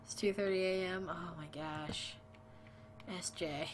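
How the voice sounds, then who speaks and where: A woman's voice: lowish voice, steady tone, measured pace, slight background noise. A woman streaming a game late at night, tired and chatty, talking to her viewers and her dog. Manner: sleepy, chatty, talks to chat and her dog. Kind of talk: casual gaming stream chat.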